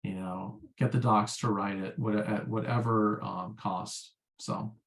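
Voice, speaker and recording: A man's voice: fairly low pitch, steady tone, unhurried, creaky. A man, a former sales rep chatting as an interview guest in a rambling, filler-heavy way. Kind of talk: casual interview chat.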